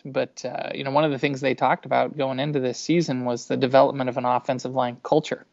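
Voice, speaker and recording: A man's voice: mid-range voice, level tone, fairly quick, gravelly, dry recording. A man with a Boston accent co-hosting a casual sports podcast, chatty and hesitant. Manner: hesitant, chatty, laughs easily. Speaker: podcast co-host. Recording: dry dull lo-fi audio.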